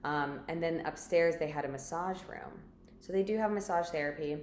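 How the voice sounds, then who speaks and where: A woman's voice: sits low, moderate pace, a little mellow. A woman vlogger telling a story in a chatty, rambling way, full of filler words. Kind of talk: casual storytelling to camera. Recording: echoey room with faint background noise.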